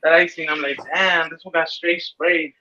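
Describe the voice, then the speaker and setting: A man's voice: on the high side, level tone, moderate pace, sharp tone, muffled recording. A laid-back man in casual chat, blunt and swearing freely.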